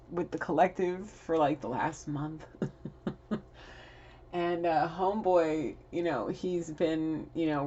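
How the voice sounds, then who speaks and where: A woman's voice: low-pitched, darkish tone, dull audio. A woman giving a casual spiritual card reading at home, rambling and laughing often as she talks to her viewers. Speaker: tarot reader. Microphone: camera.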